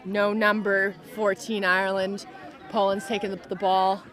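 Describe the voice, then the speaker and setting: A woman's voice: mid-range voice, little pitch movement, moderate pace, fairly bright tone, some chatter behind. A woman doing live sports commentary at an outdoor tournament, chatty and enthusiastic, cheering players on by name.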